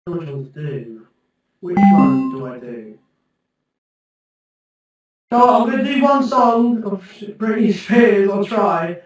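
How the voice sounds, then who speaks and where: On a casual livestream, a young man talks slowly in a high, expressive voice, pausing often as he rambles, swears a lot and pokes fun at himself. The audio is distant and very echoey, with faint music playing.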